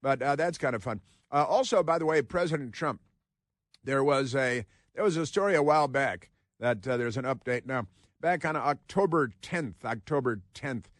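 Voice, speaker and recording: Sardonic talk radio host, dry sound. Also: male voice, mid-range voice, animated, moderate pace, no echo. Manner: sardonic, rambling, reads headlines aloud.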